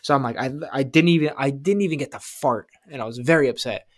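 A man telling a rambling, profane story in casual chat, acting out quotes loudly and excitedly. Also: medium pitch, fast talker, a little hiss or hum.

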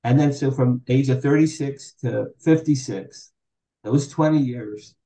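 Man, 60s, podcast guest. Animated storyteller, dark mellow tone, echoey room. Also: mid-range voice, measured pace. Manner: animated, acts out quoted dialogue. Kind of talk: candid storytelling interview.

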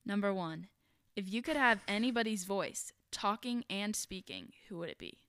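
A young woman co-hosting a podcast, chatty and giggly, talking in quick bursts. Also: medium pitch, a bit bright, clear, resonant tone, no echo, clean studio sound. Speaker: podcast co-host. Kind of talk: casual chat.

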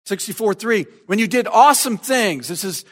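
A man preaching a sermon, reading scripture aloud with emphasis and swinging from soft, slow passages to loud, shouted proclamation. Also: sits high, lively intonation.

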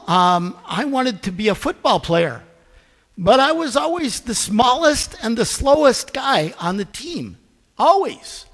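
A middle-aged man preaching a sermon as pastor, telling stories with self-deprecating humor. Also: sits high. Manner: animated anecdotal storytelling, self-deprecating. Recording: long reverb in a church hall.

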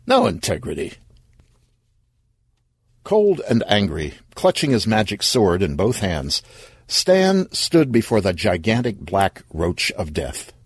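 A man narrating an audio story in a vivid, expressive way. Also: fairly low pitch, a little slow, breathy edge, dry recording, studio quality.

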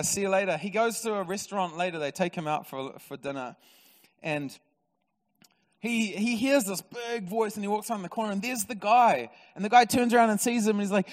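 A male pastor with a New Zealand accent delivers a sermon, his fairly high voice ringing through a large, reverberant church hall. He tells stories with animated energy, then drops to soft, intimate tones. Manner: animated storyteller, swings from loud excitement to quiet intimacy.

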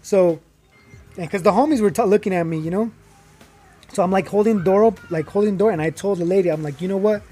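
Casting note: young man, high husky voice, animated storyteller who acts out quotes. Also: a little fast. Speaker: guest telling his story. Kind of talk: casual storytelling.

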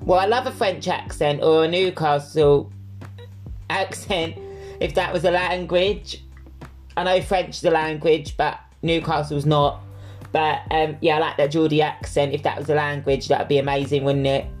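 Male podcast host, candid casual Q&A, lots of fillers, soft music underneath. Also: on the high side, little pitch movement, measured pace. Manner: candid and chatty, with frequent fillers. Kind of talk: casual solo Q&A chat.

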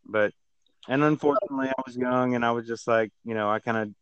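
A man's voice: mid-range voice, fairly even intonation, fast talker, a bit bright, smooth, no room sound, highs cut off. A man in casual chat, speaking hesitantly with many restarts and fillers.

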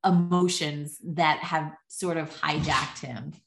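A woman's voice: low voice, steady tone, slow pace, vocal fry, a bit bright. A middle-aged woman, a podcast guest, talking casually and chattily with many filler words and light laughs. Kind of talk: casual conversation. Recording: echoey room.

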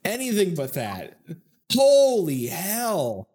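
Guy on a gaming podcast going off, voice swings all over, kinda high, laughs a lot. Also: slow pace. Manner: animated, ranting, laughs often. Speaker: podcast co-host. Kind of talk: casual chat.

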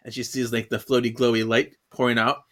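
A man co-hosting a podcast, laid-back and quick to laugh, recapping a comic in loose phrasing. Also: medium pitch, flat delivery, fairly bright tone. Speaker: podcast co-host. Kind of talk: casual chat, reading a comic aloud.

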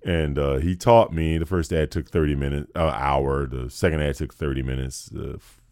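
A man with a deep voice telling stories as a guest in a casual chat, animated and prone to slipping into voices. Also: normal speed, dry recording, clean studio sound. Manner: animated storyteller, slips into voices.

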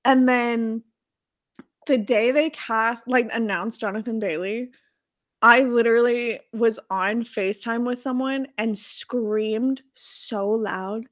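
A woman hosting a podcast in casual chat, gushing and excitable. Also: fairly high pitch, slow pace, no echo, clean studio sound. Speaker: podcast host.

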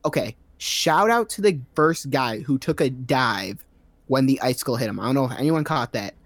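A man's voice: medium pitch, animated, normal speed, no room sound. A man giving a rambling, sarcastic recap of a movie's plot in a casual comedic style, full of fillers.

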